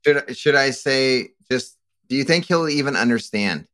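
Playful co-host with a lively, bouncy voice. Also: medium pitch, normal speed. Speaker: co-host of a podcast show. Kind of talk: casual banter.

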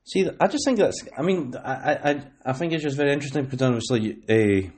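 This Scottish podcast host from West Lothian speaks fast and animatedly, his medium-pitched voice a little mellow with a breathy edge. In casual conversation he rambles, stumbling through fillers and restarts.

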